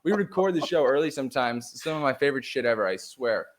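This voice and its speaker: A man's voice: mid-range voice, fast talker, noisy background. Young guy guesting on a sports podcast, hyped and laughing, swears a bit. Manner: energetic, laughing, casual swearing. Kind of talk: casual chat.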